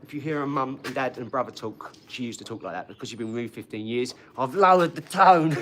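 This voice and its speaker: Slight background noise accompanies this man's medium-pitched, somewhat bright voice, which has lively intonation and a moderate pace. As host of a casual livestream, he rambles, swears freely, and talks directly to viewers' comments.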